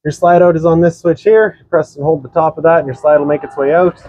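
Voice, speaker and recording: A man's voice: a little high, steady tone, fast, a little mellow, dry recording, dull audio. A man giving a practical, instructive walkthrough of a travel trailer, outdoors and then inside it. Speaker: RV sales walkthrough presenter. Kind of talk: casual product walkthrough.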